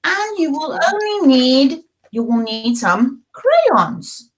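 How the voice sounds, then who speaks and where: A woman's voice: sits high, big pitch swings, takes it slowly, rough recording. A middle-aged woman hosting a children's storytime and craft lesson in character, talking in a coaxing, sing-song way to small children.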